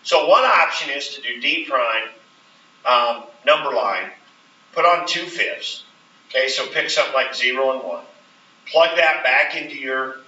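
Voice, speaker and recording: A man teaches a classroom, walking the students through each step and checking in with them again and again. His voice is very bright and sharp, picked up from across a roomy classroom. The recording sounds dull and slightly muffled, with faint hiss underneath. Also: medium pitch, distant mic. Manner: explains step by step, checks in with frequent "right?". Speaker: math teacher. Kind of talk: classroom lecture.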